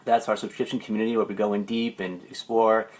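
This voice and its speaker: A man, a life coach, talking on a Facebook livestream, rambling through stories and then slowing into meditative phrasing. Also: on the low side, little pitch movement. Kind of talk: Facebook live talk. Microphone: livestream camera.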